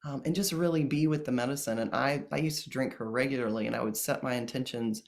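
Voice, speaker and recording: A man speaking as a guest in a casual interview about ceremonies, gentle and earnest, with many pauses and restarts. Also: medium pitch, creaky. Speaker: plant medicine ceremonialist guest.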